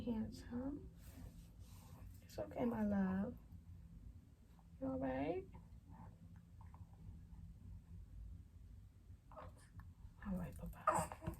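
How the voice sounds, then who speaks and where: A woman's voice: sits low, noisy background. A young woman vlogger telling a storytime casually and chattily, acting out what others said. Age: young adult. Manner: chatty, animated retelling that acts out quoted dialogue.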